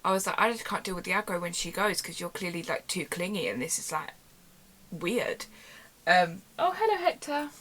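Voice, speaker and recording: A young woman casually telling a storytime vlog from her bedroom, animated and chatty, acting out quoted dialogue. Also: lowish voice, moderate pace. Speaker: YouTuber. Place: home bedroom. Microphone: camera on tripod.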